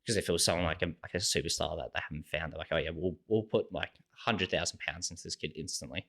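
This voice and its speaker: A man's voice: deep voice, fast talker, vocal fry. A young Australian man, a podcast guest, casually telling stories and acting out what people said, with "like" in nearly every sentence. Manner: relaxed, animated storyteller acting out quoted dialogue, heavy use of "like". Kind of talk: casual storytelling chat.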